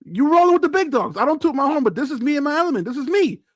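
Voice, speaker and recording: High, lively New man. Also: very fast, dry recording. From Brooklyn, New York. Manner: animated, boastful storytelling with acted-out quotes. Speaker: podcast co-host. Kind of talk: casual chat.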